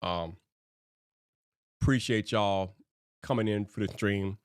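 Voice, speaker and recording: A young man hosting a casual livestream, animated and slangy, laughing often. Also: lowish voice, takes it slowly, smooth, no room sound, clean studio sound. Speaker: livestream host.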